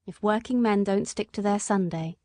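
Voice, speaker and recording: A woman's voice: medium pitch, moderate pace, mellow, no room sound, clean studio sound, natural voice. A woman reading an audiobook, voicing a principled male cab driver who speaks firmly.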